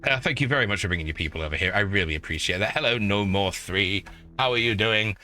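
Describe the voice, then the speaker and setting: Bright-voiced northeast English streamer, forties. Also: male voice, lowish voice, quick pace, soft background music. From northeast England. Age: 40s. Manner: rambling, swears freely, bursts into excited greetings. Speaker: video game streamer. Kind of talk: casual live-stream chat.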